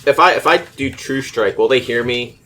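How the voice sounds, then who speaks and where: A man's voice: mid-range voice, moderate pace, sharp tone, slight background noise. A man playing a tabletop game in casual chat, talking easily between laughs. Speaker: player.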